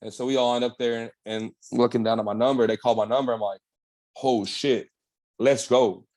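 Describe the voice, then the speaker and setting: A man's voice: mid-range voice, flat delivery, fast, a little mellow. A young man, a bodybuilder guest on an interview, telling his story in a laid-back, slangy way with lots of swearing. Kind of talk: casual candid storytelling.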